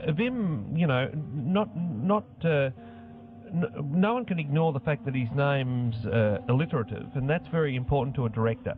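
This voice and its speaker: A man, talking in mock-serious, halting banter full of fillers on a radio show. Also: medium pitch, lively intonation, slight background noise. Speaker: band member on community radio. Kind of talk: deadpan comedic banter. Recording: phone-like radio audio with music.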